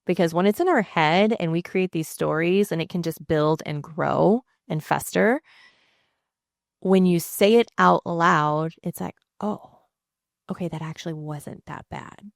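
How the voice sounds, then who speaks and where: A woman's voice: on the low side, a little slow, gravelly, dry recording, studio quality. A woman who is a guest coach for couples, speaking in a casual, reassuring way. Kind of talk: casual interview talk.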